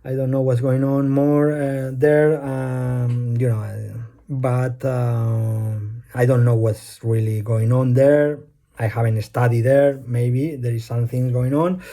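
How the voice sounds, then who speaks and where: A man's voice: medium pitch, steady tone, slow pace, dark tone. Hesitant man with a Spanish accent. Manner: hesitant, many fillers, loses his thread. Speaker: vlogger. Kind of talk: rambling personal monologue. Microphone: phone.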